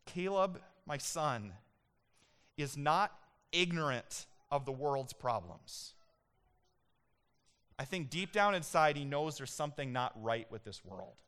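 A man in his thirties preaching a sermon as a pastor, animated and emphatic, telling personal stories. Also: on the high side, slow pace, pauses often, clean tone.

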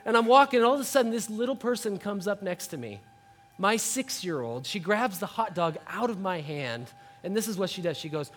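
Lively high-voiced male pastor preaching. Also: brisk. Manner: animated storytelling, acts out shouting and voices. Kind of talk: sermon. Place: church sanctuary.

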